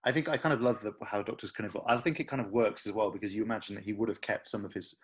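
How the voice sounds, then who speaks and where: A man co-hosting a podcast, chatting casually and quickly with lots of fillers and hedges. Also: on the low side, fairly even intonation, husky. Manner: fast, chatty, hedging with fillers. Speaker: podcast co-host. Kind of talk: casual chat.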